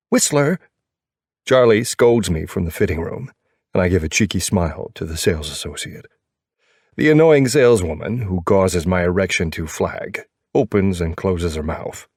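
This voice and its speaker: A man narrating a first-person romance audiobook in a low, brooding, wry voice. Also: darkish tone, breathy edge, no room sound, clean studio sound.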